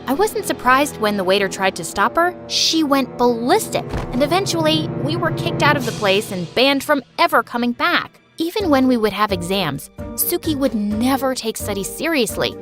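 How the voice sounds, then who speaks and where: Woman narrator, high voice, chatty first-person storytelling, faint music behind. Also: animated, moderate pace, hardly any pauses.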